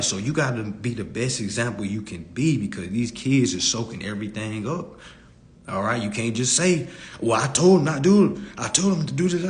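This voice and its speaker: Guy ranting on a phone livestream, blunt, preachy, says stuff twice, swears a lot. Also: medium pitch. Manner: blunt, preachy, repeats his points, curses freely. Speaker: live-stream speaker. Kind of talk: casual live-stream monologue.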